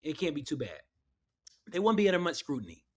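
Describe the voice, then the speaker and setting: Excitable male podcast co-host. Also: fairly high pitch, quick pace. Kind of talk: casual chat.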